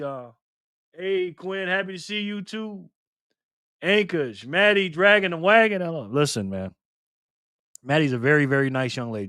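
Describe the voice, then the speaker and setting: A man's voice: high voice, bright, forceful tone, smooth, no echo, studio quality. Joking, slangy male stream host. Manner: laughing, teasing, slangy banter. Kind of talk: casual chat reading live comments.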